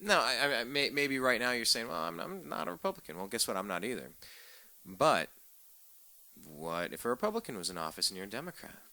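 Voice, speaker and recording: Brief: man, radio talk host, bright edgy tone, sarcastic rant with stumbling repeats. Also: medium pitch, big pitch swings, fairly quick, dry recording. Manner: sarcastic, ranting, repeats words when fired up. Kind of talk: political talk radio monologue.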